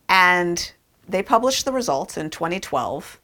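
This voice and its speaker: A woman with a fairly low voice tells a science story to listeners. She talks in a conversational, emphatic way, leaning on words and dropping fillers as she goes. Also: very animated, unhurried, bright, forceful tone. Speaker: speaker. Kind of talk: storytelling talk.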